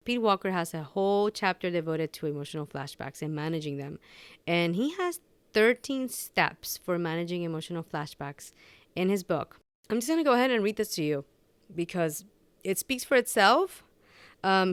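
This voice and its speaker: A woman's voice: on the low side, clear, resonant tone, no room sound. A woman hosting a personal podcast, talking unscripted and candidly, rambling with many restarts. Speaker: podcast host.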